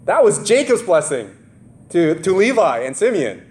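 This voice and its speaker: A man's voice: sits high, moderate pace. A man preaching a casual sermon, often acting out the people in the story in their own voices. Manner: animated, voices the characters in the story; casual, many fillers and laughs.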